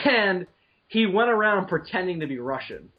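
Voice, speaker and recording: A young man in casual chat who tells profane stories in a crude, excitable way. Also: high-pitched, normal speed. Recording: dull lo-fi recording, faint music.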